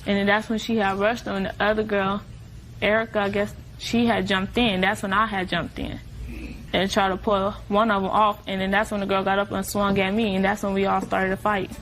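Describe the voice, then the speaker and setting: Young woman recounting a fight, flat delivery. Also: medium pitch, fairly quick, slight background noise, low-quality recording. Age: young adult. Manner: flat, rambling retelling. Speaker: defendant. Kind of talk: courtroom testimony.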